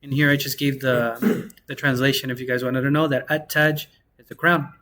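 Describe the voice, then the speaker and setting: A young man teaching an Arabic class in a casual, slangy way, slowing down to sound out each word. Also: medium pitch, slight background noise. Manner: relaxed, slangy, slows down to sound out words.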